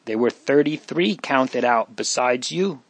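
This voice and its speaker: An earnest young woman from a storybook, caring and anxious, full of questions for those around her, as a man reads her part. The voice is at a middling pitch. The sound is close and dry. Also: animated, a little slow, husky, no room sound.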